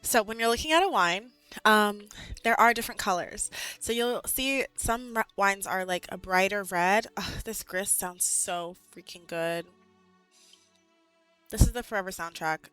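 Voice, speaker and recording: A young woman in her twenties chatting casually with her live chat as a streamer, animated and full of "like"s and laughs, a bit out of breath. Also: medium pitch, a little slow, clean tone, no echo, soft background music.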